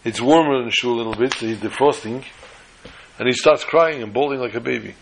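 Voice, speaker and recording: A man telling a story aloud, acting out the characters' lines with a raised, excited voice. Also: mid-range voice, quick pace, creaky, slight background noise, poor audio. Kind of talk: animated oral storytelling.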